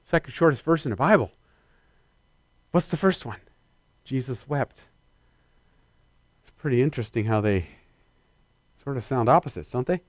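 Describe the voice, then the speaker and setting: A middle-aged man preaching a sermon with lively calls to his congregation. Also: mid-range voice, normal speed, long pauses, no echo, clean studio sound.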